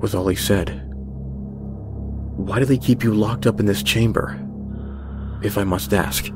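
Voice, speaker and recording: Guy reading a horror story, kinda low voice, slow and tense, creepy music going. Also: steady tone. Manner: measured, tense narration. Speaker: narrator. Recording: music bed under voice.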